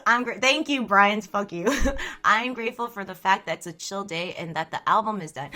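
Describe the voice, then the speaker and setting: A woman's voice: fairly high pitch, moderate pace, sharp tone. A young woman streaming live, chatting casually with viewers, reading their messages aloud and laughing often.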